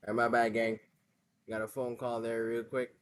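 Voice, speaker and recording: A man's voice: medium pitch, monotone, moderate pace. A man streaming a racing game, chatting casually with slang and frequent laughs. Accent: West African English on the phone call. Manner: laid-back slangy banter, laughs often. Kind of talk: casual gaming stream chat.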